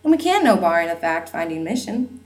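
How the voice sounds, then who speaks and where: A woman's voice: fairly low pitch, big pitch swings, brisk, a little mellow, roomy sound. A woman reading a novel aloud, voicing a glib, upbeat stepfather who teases lightly. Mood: breezy. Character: breezy upbeat stepfather, wry and jokey.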